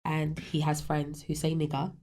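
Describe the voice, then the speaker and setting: A woman's voice: low voice, completely flat delivery, normal speed, dark tone. A woman co-hosting a podcast who asks questions and steers the casual chat. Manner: questioning, drives the talk. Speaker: podcast co-host.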